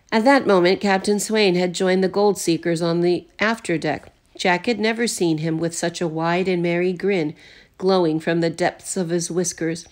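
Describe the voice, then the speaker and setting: A teacher reading a children's novel aloud at home, lightly voicing the characters. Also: female voice, lowish voice, moderate pace. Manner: expressive, lightly voices the characters. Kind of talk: storybook read-aloud.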